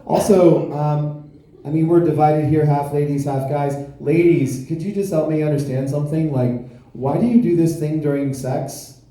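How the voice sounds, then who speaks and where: A man's voice: fairly high pitch, moderate pace. Man doing stand-up in an echoey club. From South Florida. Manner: deadpan, self-deprecating storytelling. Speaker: stand-up comedian. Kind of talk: stand-up comedy set. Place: comedy club stage.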